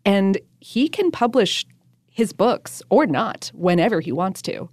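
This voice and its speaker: A woman's voice: mid-range voice, big pitch swings, measured pace, a little mellow, dry recording. A woman in her thirties co-hosting a podcast, chatting in a playful, enthusiastic way. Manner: enthusiastic, playful, self-described nerd. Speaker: podcast co-host. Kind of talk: casual chat.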